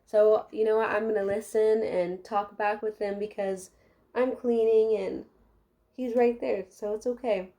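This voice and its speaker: A young adult woman vlogger does her hair while giving her viewers a casual, heartfelt life update. She talks chattily with many fillers, in a medium-pitched, dark-toned voice.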